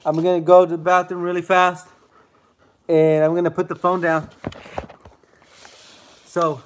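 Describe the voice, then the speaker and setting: A man's voice: high voice, completely flat delivery, measured pace. A man chatting casually on a live stream from his phone, calling to his dogs and laughing with viewers.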